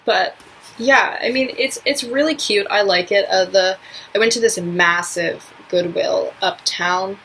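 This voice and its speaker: Bright-voiced rambling young woman vlogger. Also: medium pitch, a little slow, a little hiss or hum, low-quality recording. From New York, US. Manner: rambling, heavy on filler words. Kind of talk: casual vlog chat.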